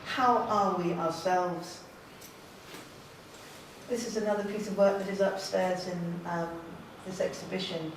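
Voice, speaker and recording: A woman's voice: on the low side, steady tone, measured pace, distant mic, a little hiss or hum. A woman artist giving an informal, enthusiastic gallery talk to an audience, chatty and self-deprecating. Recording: very echoey room, voice from afar.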